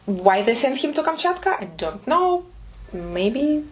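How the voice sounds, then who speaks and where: A woman's voice: high voice, big pitch swings, unhurried. Woman, language teacher, patient, repeats phrases, casual. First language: Russian. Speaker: Russian teacher.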